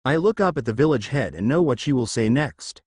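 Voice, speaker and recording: Lively man reading a fanfic story. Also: mid-range voice, brisk, husky, no room sound, clean studio sound. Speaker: fanfiction narrator. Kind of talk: first-person story reading with dialogue.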